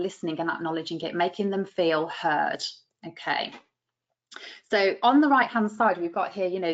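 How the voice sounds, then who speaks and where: British woman, business coach, chatty webinar teaching, slips into client voices, slightly low pitch, dull lo-fi sound. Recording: muffled lo-fi audio.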